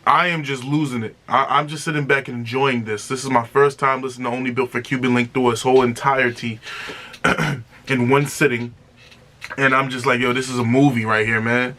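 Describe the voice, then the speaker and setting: A man reviewing an album in an excited, casual way, exclaiming and repeating himself. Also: mid-range voice, brisk. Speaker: music reaction reviewer.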